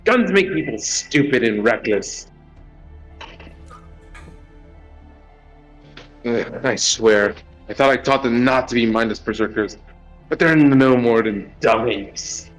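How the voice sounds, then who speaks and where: A man's voice: mid-range voice, lively intonation, a little slow, soft background music, close to an everyday voice. Man reading as a callous war god. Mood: scornful. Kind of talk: reading game dialogue aloud.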